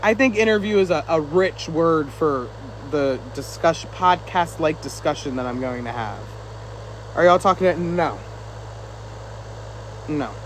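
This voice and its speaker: A man's voice: a little high, animated, a little slow, slight background noise, low-quality recording. A man chatting casually on a live stream, reading viewer comments and teasing back, a little winded.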